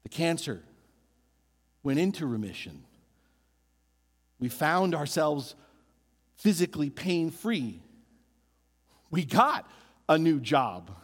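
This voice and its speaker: A man preaching with a lively, rising and falling voice pitched a little high. He builds emphasis by repeating phrases. His sermon rings out with the long reverb of a large church sanctuary. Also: slow pace, long pauses. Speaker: pastor.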